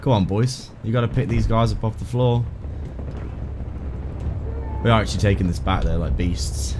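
A man's voice: lowish voice, moderate pace, noisy background. Grumbling man over game gunfire. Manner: frustrated, grumbling, casual swearing. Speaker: gaming video creator. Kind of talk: live gameplay commentary. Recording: loud game gunfire underneath. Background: game gunfire and vehicles.

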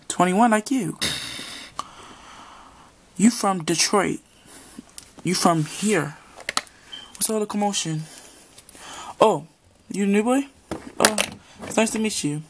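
A woman with a medium-pitched voice performs a homemade drama alone, voicing several young men trading casual, slangy dialogue. The background is noisy.

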